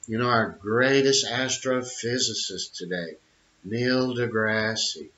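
A man's voice: mid-range voice, slow pace, pushed and bright. A middle-aged man giving an opinionated monologue, emphatic, with repeated phrases and many fillers. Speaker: channel host. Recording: dull lo-fi audio.

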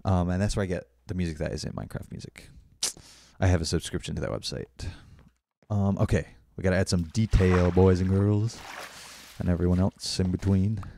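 Young man, casual live-stream chat, gravelly, deep, answering chat. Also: fairly even intonation, a little fast, mellow. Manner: chatty, apologetic, reads chat aloud.

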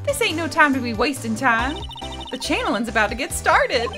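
A woman voicing a brassy, excitable paranormal photographer with a loud Southern drawl. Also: high-pitched, brisk, over music, voice pushed up. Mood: boastful. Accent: American Southern.

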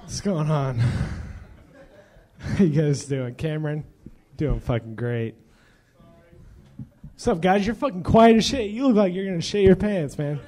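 Young male stand-up, intoxicated and rambling, high and unhurried, cracks himself up. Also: mellow, faint music behind. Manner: profane, loose, laughing at his own jokes. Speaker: stand-up comedian.

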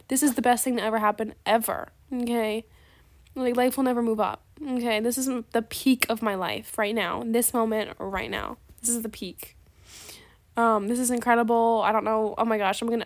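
A woman's voice: on the high side, fairly even intonation, a little fast. Sarcastic, dramatic young woman gamer. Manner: dramatic and sarcastic, with gasps and soft asides; chatty, calls viewers "besties". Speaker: gaming video creator. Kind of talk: casual gameplay commentary.

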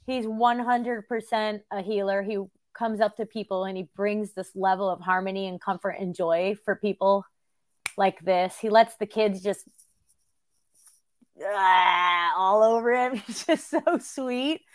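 A middle-aged woman hosting a podcast, telling a story in an animated, chatty way and laughing often. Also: medium pitch, moderate pace. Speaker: podcast host. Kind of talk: casual conversation.

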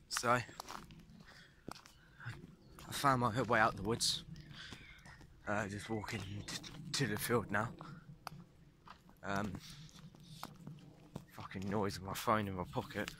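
A man's voice: fairly low pitch, sharp tone, slight background noise. A young man rambling casually outdoors, swearing constantly and saying "mate" and "literally" a lot as he records himself on a phone. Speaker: vlogger. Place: outdoors in woods and fields.

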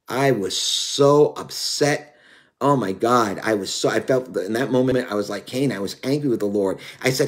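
A man's voice: mid-range voice, lively intonation, moderate pace. A man in his fifties preaching a sermon in an earnest, confessional way, often using "you know" as he thinks.

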